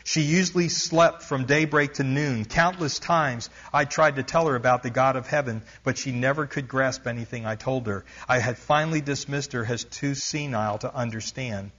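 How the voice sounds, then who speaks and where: A man's voice: mid-range voice, normal speed, few pauses, a bit bright, muffled recording. Male preacher reading a story aloud. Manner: reads aloud with rising intensity, stops to explain asides. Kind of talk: sermon reading a missionary book aloud.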